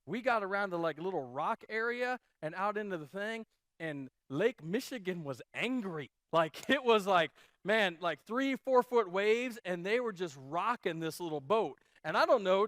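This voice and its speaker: A male pastor from Iowa telling a long, animated story during a sermon, chatty and full of fillers and restarts. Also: fairly high pitch, no echo, clean studio sound. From Iowa, USA. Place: church.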